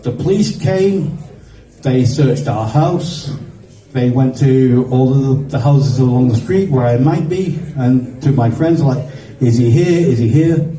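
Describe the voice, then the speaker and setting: On stage at a comedy show, a male comic tells a meandering, profanity-laced story from his 1970s childhood, slipping into voices for each person. Someone in the crowd filmed it on a phone from afar, so his mellow, mid-range voice comes across roomy and distant.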